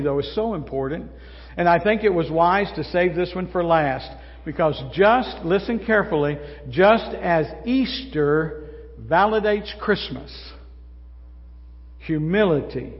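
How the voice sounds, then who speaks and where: An older man, a pastor, preaching a sermon in a folksy, conversational way, often asking the congregation questions. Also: on the high side. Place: church sanctuary. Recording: muffled sound in a large reverberant hall.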